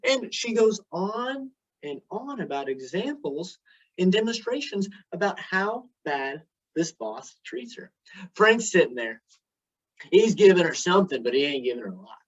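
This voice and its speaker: Man, prepared speech, storytelling, dramatic pauses, dull lo-fi sound. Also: high-pitched, big pitch swings. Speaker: club speaker. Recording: dull lo-fi recording.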